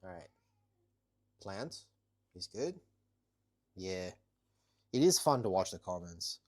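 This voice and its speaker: A man with a deep, low voice chats loosely with his viewers on a home live stream. He talks through his workout and tells off his cats now and then, with the cats heard in the background. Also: sing-song, takes it slowly, darkish tone. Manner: chatty, talks to viewers and cats while working out. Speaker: livestreamer. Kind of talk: casual live-stream chat. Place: home, kitchen corner.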